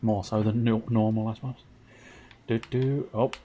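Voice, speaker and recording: A man giving excitable, self-mocking running commentary on his own gameplay while streaming, sometimes turned away from his microphone. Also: on the low side, moderate pace, slight background noise. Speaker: livestreamer. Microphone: desk microphone, sometimes turned away.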